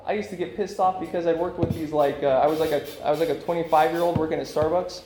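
At a recovery meeting, a man in his thirties gives a candid, rambling personal recovery talk packed with fillers. His voice sits on the high side and moves briskly over a noisy background. The meeting room sounds echoey, with faint ambience.

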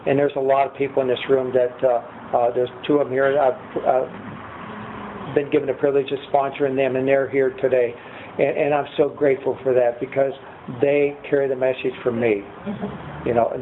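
An older man sharing his story at a recovery meeting from a podium, rambling and chuckling at himself. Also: mid-range voice. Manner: rambling, chuckling, self-deprecating. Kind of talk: personal testimony to a group. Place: meeting room, speaking at a podium. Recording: tinny lo-fi line with faint hiss.

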